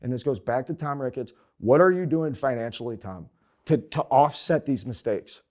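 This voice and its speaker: A man ranting as a sports show host, swearing freely and getting short of breath. His voice sits at an ordinary middle pitch. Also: big pitch swings, brisk, a little mellow. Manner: profane, heated ranting.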